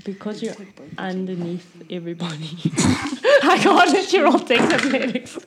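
A woman running a tabletop role-playing game, calmly narrating outcomes and answering rule questions. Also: mid-range voice, background noise. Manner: calm, measured, answers players' rule questions. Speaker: game master.

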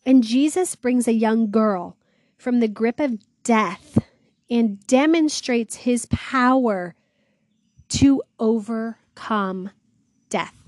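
Her voice sits on the high side, slow and somewhat dark, in a dry recording. She hosts a devotional series where she reads scripture out loud, then recasts it in casual slang with earnest awe, frequently saying "wow."

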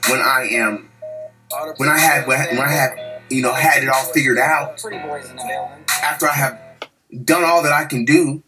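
A man's voice: medium pitch, a little slow, pauses often, music in the background, rough recording. An angry man delivering a heated, profane podcast monologue, repeating himself as he rants. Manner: heated, profane, repetitive ranting.

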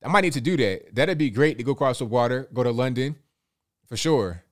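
A man's voice: medium pitch, expressive, brisk. A man hosting a live stream in a loose, chatty way, reading viewer messages, often repeating words and chuckling. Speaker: livestream host reading viewer super chats. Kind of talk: casual live-stream chat.

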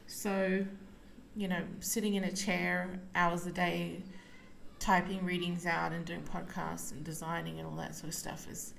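A woman hosting a casual solo podcast, talking while lying down at home, relaxed and rambling with many fillers. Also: fairly low pitch, measured pace, vocal fry, a little hiss or hum. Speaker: podcast host and psychic medium.

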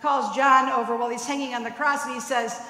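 A woman preaching a sermon as a storyteller, often checking in with her listeners with a quick "right?". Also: sits high, fairly even intonation, pushed and bright. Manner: storytelling, tagging points with "right?". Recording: echoey hall with long reverb.

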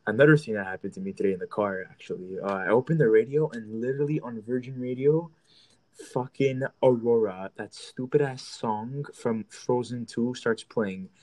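A man's voice: lowish voice, darkish tone. Young man ranting with lots of swearing. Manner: rambling, profane storytelling. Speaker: podcast host. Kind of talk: casual monologue and chat.

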